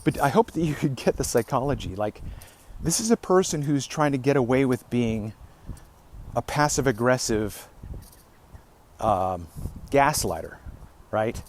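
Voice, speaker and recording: A man telling a story in a casual monologue, animated and exasperated. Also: medium pitch, measured pace, long pauses. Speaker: podcaster. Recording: noisy home recording.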